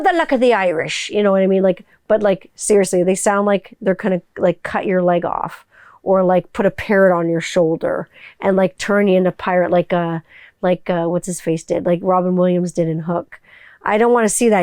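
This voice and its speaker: A woman's voice: medium pitch, darkish tone, clean tone, no room sound, clean studio sound. A woman hosting her own podcast in a casual, jokey and profane way. She works as a voiceover artist and talks about her kids. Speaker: podcast host. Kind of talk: casual solo podcast chat.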